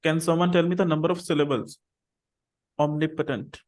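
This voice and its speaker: A man with a slightly raised pitch teaches English to a small online class. He speaks patiently over a video call. He says words slowly and repeats them so his students can copy them. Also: fairly even intonation, darkish tone.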